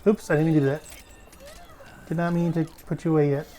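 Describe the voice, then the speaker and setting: A man giving casual gameplay commentary as a streamer. He chats freely, swears often and breaks into sudden loud exclamations. He talks while sitting in a desk chair at home. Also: fairly high pitch, level tone, fast talker, slight background noise. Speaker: gaming streamer.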